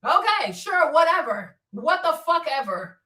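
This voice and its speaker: A woman's voice: high voice, sing-song, measured pace, pushed and bright, far from the mic. A woman from Africa hosting a livestream, talking bluntly with swearing and laughter while she answers her chat. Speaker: streamer. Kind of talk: livestream commentary.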